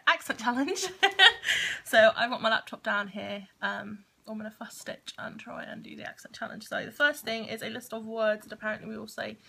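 A woman's voice: fairly high pitch, vocal fry, bright, forceful tone, slightly rough. A woman with a Grimsby accent, chatting casually to camera at home in a rambling vlog, often breaking off mid-thought. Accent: Grimsby English. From Grimsby, England. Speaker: vlogger. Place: at home, indoors. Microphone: camera on a small tripod.

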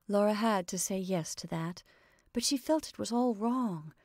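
A woman giving a measured, expressive reading of a literary short story as narrator. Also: mid-range voice, no echo, studio quality.

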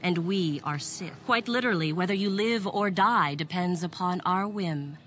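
A woman's voice: on the low side, moderate pace, a bit bright, soft background music, natural voice. An actress voicing a cruel, haughty female Sith bully who taunts in a mocking way. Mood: threatening.

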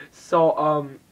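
A teenage boy vlogging in casual chat, rambling and swearing, jumping between loud bursts and whispers. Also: a little high, recorded from a distance, rough recording. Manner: rambling, swearing, jumpy loudness with mock voices and whispers. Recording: voice drifting off the mic.

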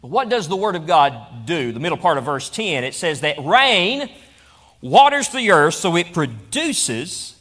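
A man's voice: sits high, sharp tone. A male pastor preaching a sermon, building emphasis through repeated phrases. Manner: preaching with rising emphatic repetition. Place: church auditorium.

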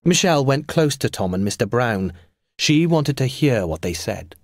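Man narrating a storybook, lively pitch. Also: no room sound, clean studio sound. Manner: clear and measured for learners. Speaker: audiobook narrator.

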